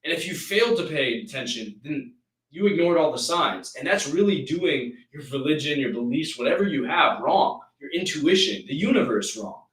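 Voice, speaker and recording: A man's voice: on the high side, expressive, normal speed, fairly bright tone, reverberant, far from the mic, poor audio. A man hosting a live stream, giving an intense, preachy motivational rant that rambles with restarts.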